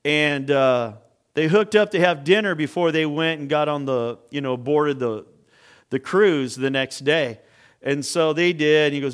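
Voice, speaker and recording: A man's voice: a little high, moderate pace. A middle-aged man preaching a sermon as pastor, telling stories with acted-out voices and building to emphatic points. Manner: animated storyteller, acts out voices, rising to emphatic preaching.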